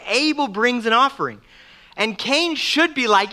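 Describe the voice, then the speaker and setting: A middle-aged man preaching a sermon as pastor, animated and acting out the voices of the people he quotes. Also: extremely high pitch, normal speed.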